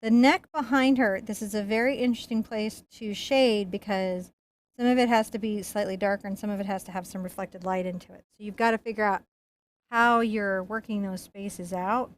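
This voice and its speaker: A woman's voice: mid-range voice, steady tone, moderate pace. A woman giving a painting lesson, chatting playfully and joking as she works. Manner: chatty, playful, jokes and laughs while painting. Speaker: painting instructor.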